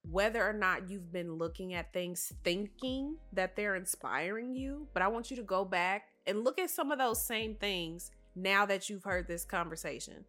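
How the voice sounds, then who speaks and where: Her mid-range voice has a fairly bright tone. She's a podcast host giving a solo motivational talk, speaking earnestly and straight to her listeners, though a cough has left her sounding a little nasal and congested.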